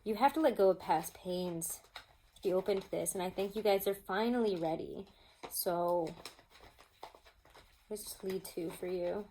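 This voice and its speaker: A woman's voice: medium pitch, normal speed, long pauses, a little hiss or hum, low-quality recording. Woman, chatty tarot reader, casual, lots of fillers, at home. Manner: chatty, animated, many "like" and "um" fillers. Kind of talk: casual tarot reading to viewers. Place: home with pets nearby.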